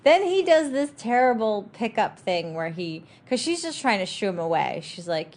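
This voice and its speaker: A woman's voice: medium pitch, big pitch swings, normal speed, hardly any pauses, a little mellow, slight background noise. Wry woman co-hosting a movie podcast. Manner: wry, agreeable, quotes scenes from notes. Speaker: podcast co-host. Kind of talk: casual movie chat.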